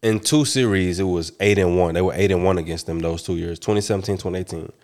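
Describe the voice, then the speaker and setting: A man's voice: low-pitched, a little mellow. A man in a casual sports chat, matter-of-fact, tossing questions to the others. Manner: quick, matter-of-fact, asks others' views.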